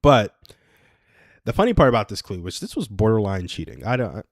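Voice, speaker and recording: A young man in his twenties with a low-pitched voice hosts a casual solo livestream. He rambles loosely and chuckles at his own stories. His voice is recorded dry and close, with no room sound. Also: big pitch swings, fairly quick, dry recording. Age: 20s. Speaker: livestream host.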